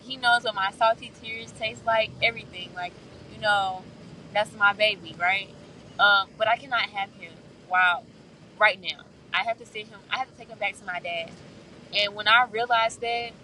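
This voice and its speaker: A woman's voice: medium pitch, moderate pace, bright, forceful tone, recorded from a distance, slight background noise, rough recording. A woman sharing an earnest, heartfelt personal faith vlog, often checking in with her listeners as she talks. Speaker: faith vlogger. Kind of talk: candid personal vlog monologue.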